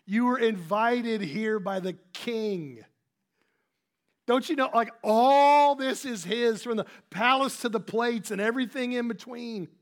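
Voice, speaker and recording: A man's voice: very high-pitched, unhurried, voice pushed up. A man voicing baffled fellow dinner guests who scold in disbelief. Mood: incredulous. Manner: incredulous, scolding.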